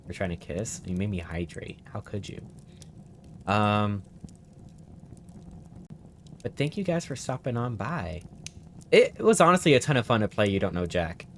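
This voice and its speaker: A man's voice: lowish voice, big pitch swings, a little slow, long pauses, slight background noise. A young man streaming a trivia game, chatting casually, often bewildered and poking fun at himself. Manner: bewildered, chatty, self-mocking. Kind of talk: casual live-stream commentary.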